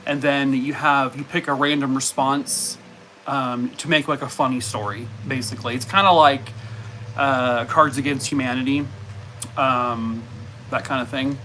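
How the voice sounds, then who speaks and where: A man's voice: medium pitch, steady tone, unhurried, sharp tone, slight background noise. A man on a casual live stream, rambling with lots of fillers and breaking off to talk to his dogs at home. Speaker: live streamer chatting with viewers.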